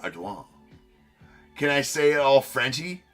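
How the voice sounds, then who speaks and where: A man's voice: normal speed, faint music behind. A young man hosting a live card break stream, chatting loosely with viewers, joking at himself and swearing now and then. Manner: loose, self-deprecating, swears, jumps up in pitch when excited.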